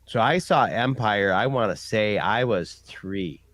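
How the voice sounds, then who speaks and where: Chatty man in his forties, low voice. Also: animated, measured pace, fairly bright tone, no echo. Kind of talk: casual chat.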